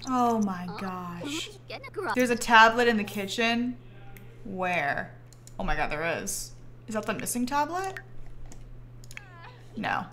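A woman's voice: on the high side, animated, slow, long pauses, fairly bright tone, slight background noise. A young woman streaming a life-simulation game live, giving exasperated, joking running commentary to her chat.

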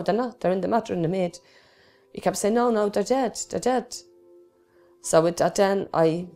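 A woman's voice: lowish voice, gravelly, a little mellow. A middle-aged woman with a Dublin Irish accent, giving earnest, plain-spoken personal testimony as an interviewee.

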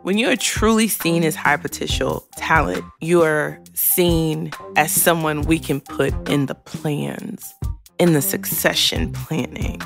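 A woman's voice: low-pitched, slow, vocal fry, music in the background. A woman hosting a podcast, talking frankly and emotionally, swearing freely and choking back tears. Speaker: podcast host. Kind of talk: candid podcast monologue.

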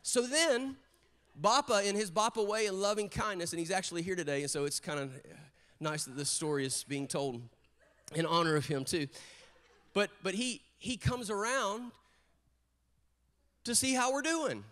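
A middle-aged male pastor telling a story in his sermon, animated and lively as he acts out what his family said. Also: high-pitched, moderate pace.

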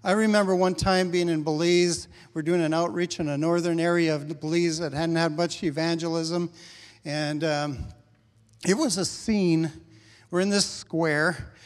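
A man's voice: fairly high pitch, long reverb tail. A middle-aged male pastor preaching a sermon in a church, talking conversationally and acting out prayers with rising intensity. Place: church sanctuary.

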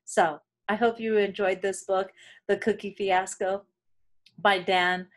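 A woman from an elementary school reading a picture book aloud to children, with playful, expressive asides and chatty comments. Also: mid-range voice, slow. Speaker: elementary school staff member.

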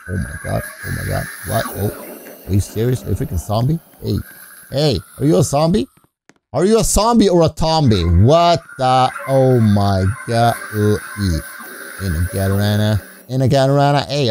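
Silly male gamer narrating his play, gravelly voice, bouncy lively pitch. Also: a little hiss or hum. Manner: goofy, rhyming nonsense words, frequent laughs. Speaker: gameplay commentator. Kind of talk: playful game commentary.

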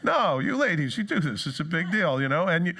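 A man preaching a sermon in a casual, joking way, acting out quoted excuses in higher, put-on voices. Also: very animated, a little fast, gravelly, bright, forceful tone, breathy edge. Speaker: pastor. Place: church.

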